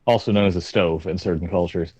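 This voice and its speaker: A man's voice: deep voice, fairly even intonation, quick pace, dark tone, no echo, rough recording. A man playing a tabletop game, making dry, sardonic quips. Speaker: player.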